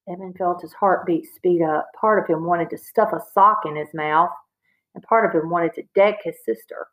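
A woman, a teacher, reading a children's novel aloud to students with expressive storytelling. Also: on the low side, moderate pace, poor audio.

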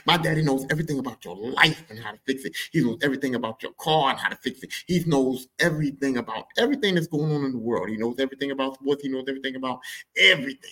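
Animated husky man telling a profane story. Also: mid-range voice, rough recording. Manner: profane, animated, mimics voices mid-story. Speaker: podcast host. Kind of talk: casual storytelling monologue.

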